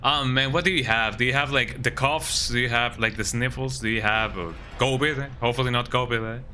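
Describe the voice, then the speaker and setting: A man's voice: medium pitch, fairly even intonation, a little fast, pushed and bright, a little hiss or hum. A man streaming a video game while sick with a cold, chatting casually and tagging his lines with "eh?". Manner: laid-back chatter, tags lines with "eh?".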